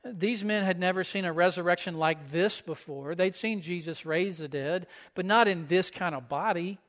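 A man's voice: high-pitched, normal speed, fairly bright tone. Pastor guy preaching, talks like a chat, asks the congregation stuff, reverby church. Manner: conversational preaching, asks listeners questions. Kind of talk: sermon. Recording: echoey hall.

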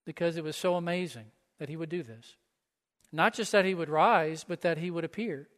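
A man's voice: on the high side, moderate pace, fairly bright tone. A man pastor preaching a sermon in a church, conversational and often asking the listeners questions. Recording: echoey hall.

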